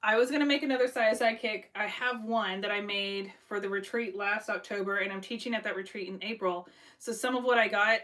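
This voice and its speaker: A woman's voice: mid-range voice, steady tone, fairly quick, fairly bright tone. A woman hosts a casual live craft stream in a mid-range voice. She chats loosely with plenty of ums and likes, and reads viewer comments aloud as she goes. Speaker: craft livestream host.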